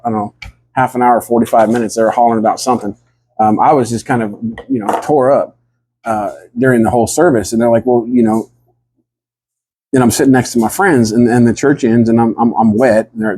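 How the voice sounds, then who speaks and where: A man telling a rambling comic story in a deadpan, drawling way and acting out what the others said. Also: medium pitch, breathy edge. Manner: drawling, rambling, acts out the other people's lines.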